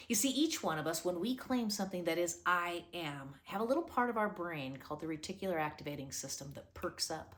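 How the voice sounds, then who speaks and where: A woman's voice: on the low side, lively intonation, fairly quick. A woman hosting a motivational talk, earnest and coaching, firing off rhetorical questions at the listener. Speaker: motivational host.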